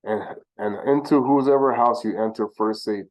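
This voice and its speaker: Low-voiced man teaching scripture. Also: a little mellow, low-quality recording. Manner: sounds out names slowly, with self-corrections; asks the listener rhetorical questions. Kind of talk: informal religious teaching.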